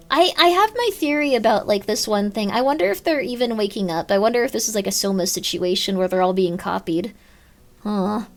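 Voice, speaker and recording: Woman streamer, casual game chat, animated voice, slight vocal fry, faint game music behind. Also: fairly high pitch. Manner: chatty, reads and answers chat, sudden yelps. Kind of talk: casual live game commentary.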